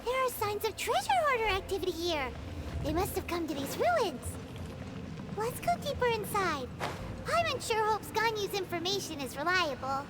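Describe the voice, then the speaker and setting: A woman's voice: big pitch swings, moderate pace, background noise. A woman voicing a tiny floating fairy companion who is chirpy and eager and talks about herself in the third person. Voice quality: high, bright childlike voice. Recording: game audio with loud music behind.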